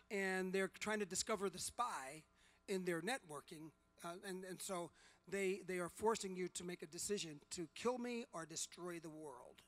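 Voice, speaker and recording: A man in his sixties banters with fans at a convention panel, loud and teasing, his bright, high voice carrying into a large hall. He jokes constantly and often breaks into shouts and laughter. A handheld mic picks him up. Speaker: celebrity convention panel guest.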